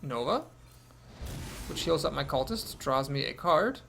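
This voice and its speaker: Gravelly man casually commenting on his game. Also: a little high, very animated, measured pace, bright, forceful tone, slight background noise. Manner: thinking aloud, wry asides. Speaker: gameplay commentator.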